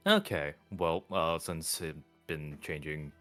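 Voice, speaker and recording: A man's voice: extremely low pitch, takes it slowly, a bit bright, faint music behind. A man chatting casually and joking while voicing game characters with friends. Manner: joking, offhand, swears.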